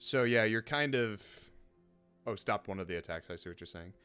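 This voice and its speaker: A young man narrating a tabletop game as game master, relaxed and rambling, laughing often. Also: lowish voice, moderate pace, smooth. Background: background guitar music.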